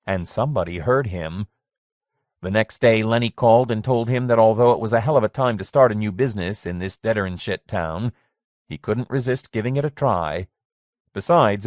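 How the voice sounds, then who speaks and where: A man's voice: on the low side, darkish tone, no room sound. Plain-voiced male audiobook narrator, dry sound. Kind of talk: scripted narration.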